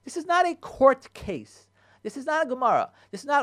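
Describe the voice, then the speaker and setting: A man, a rabbi, giving marriage advice on a radio show in an animated way, repeating phrases and mixing in Hebrew terms. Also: very high voice, a little fast. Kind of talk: radio talk. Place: radio studio.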